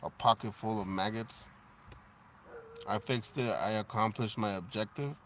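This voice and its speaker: A man chatting casually on a live stream, laid-back and profane, reading viewer comments aloud and laughing loudly. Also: fairly low pitch, fairly even intonation, unhurried, slight background noise.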